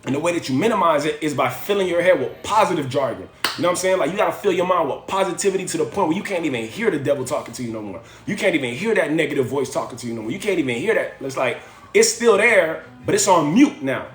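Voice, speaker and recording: Fast-talking high-voiced man preaching motivation. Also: animated, echoey room, faint music behind. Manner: preachy, slangy, rhetorical, repeats phrases. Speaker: livestream host. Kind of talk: motivational livestream talk.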